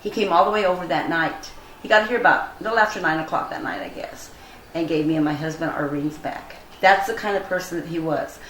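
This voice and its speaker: An older woman telling a personal story in an interview, earnest and animated, acting out the dialogue she quotes. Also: fairly low pitch, fairly quick. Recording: roomy echo, faint ambient noise.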